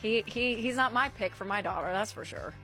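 A woman hosting an advice call-in show, talking emphatically and warmly like a mother giving counsel. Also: fairly high pitch, a little fast, soft background music. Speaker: host.

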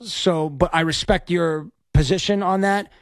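A man hosting a late-night sports talk radio show, energetic and rambling, talking into a studio mic. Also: high voice, a little slow, no echo. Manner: energetic, rambling, self-promoting. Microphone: studio microphone.

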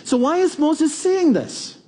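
High-voiced slow-preaching man in his fifties. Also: big pitch swings, warm tone. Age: 50s. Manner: teaching, asks the congregation questions and shows of hands. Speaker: pastor. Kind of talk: sermon. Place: church before a congregation.

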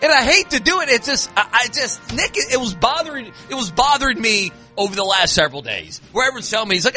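A man's voice: very high voice, big pitch swings, fast talker, few pauses, pushed and bright, faint music behind. A man hosting a sports talk show, ranting in exasperation with frequent restarts. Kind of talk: casual sports talk rant.

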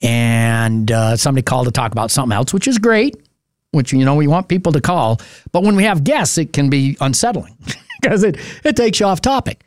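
A man's voice: a little high, lively intonation, a little fast, no room sound. A man hosting a local radio open-mic show, talking in a casual, rambling way with many fillers.

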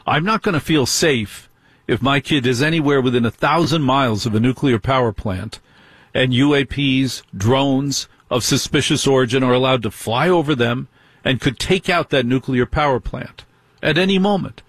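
Husky, indignant male talk radio host. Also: medium pitch, moderate pace, a bit bright, no echo. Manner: indignant, fires off rhetorical questions.

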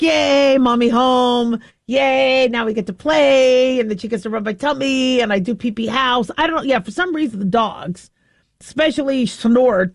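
A middle-aged woman host telling a long, rambling story in a casual, animated way, often stopping to correct herself. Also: a little high, no echo. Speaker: show host.

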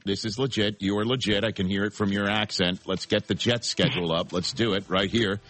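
Husky-voiced sports radio host. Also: male voice, fairly low pitch, fairly even intonation, a bit bright. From New York area. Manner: brisk, teasing, runs the segment.

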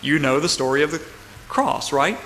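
A man preaching a sermon from the pulpit, emphatic and building to loud climaxes, often checking in with the congregation. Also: a little high, expressive, moderate pace. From United States. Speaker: pastor. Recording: long church reverb, faint room noise.

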